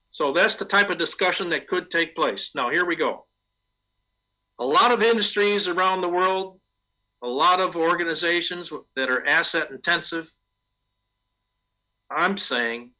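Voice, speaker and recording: Bright-voiced man giving a conference talk. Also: fairly high pitch, lo-fi sound. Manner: conversational, asks rhetorical questions. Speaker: conference speaker. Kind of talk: conference presentation.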